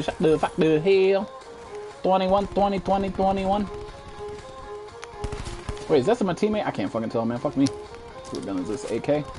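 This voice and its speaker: A man in his twenties, a streamer giving profane, excitable commentary while playing a shooter, jumping into high-pitched outbursts. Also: normal speed, pauses often, music in the background. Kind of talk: live gameplay commentary.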